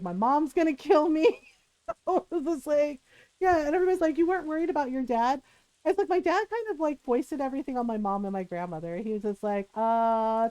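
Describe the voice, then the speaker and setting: High-voiced woman telling a story. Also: dry recording, low-quality recording. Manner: animated, acts out quotes, laughs often. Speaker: streamer. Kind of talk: casual storytelling.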